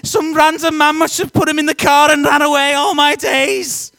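A woman's voice: high-pitched, little pitch movement, moderate pace, fairly bright tone, dry recording, clean studio sound, pitched above the performer's own voice. A man voicing a panicked mother with a Liverpool accent, screaming as she searches for her missing son.

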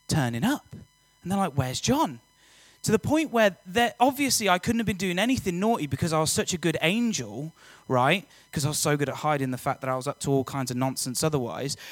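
A young man giving a lively, joking personal testimony talk to students, often quizzing the audience. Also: fairly high pitch, no room sound. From England. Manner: energetic, jokey, audience-engaging. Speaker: youth speaker.

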